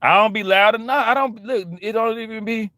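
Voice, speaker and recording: A young man from Louisiana with a Southern accent, telling a slangy, animated story and acting out the scenes. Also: sits high, brisk, no room sound, studio quality. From Baton Rouge, Louisiana. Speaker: vlogger. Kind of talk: casual storytelling rant.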